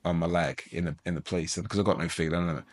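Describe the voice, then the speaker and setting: Fast-talking deep-voiced man telling his story. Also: fairly even intonation. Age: middle-aged. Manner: rambling, self-interrupting, joking. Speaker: guest. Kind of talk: storytelling interview.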